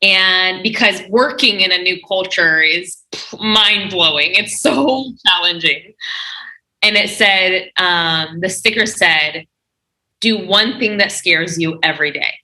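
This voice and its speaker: A woman with a very bright, forceful voice, speaking as a podcast guest. She gives earnest, encouraging advice in a conversational way. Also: lowish voice, slow, poor audio. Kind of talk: podcast interview.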